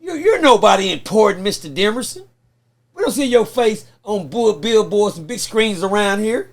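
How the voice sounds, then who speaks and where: Guy doing a scornful prosecutor, high gravelly voice, leaning hard on every word. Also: lively intonation, normal speed. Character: stern male prosecutor mocking a defendant.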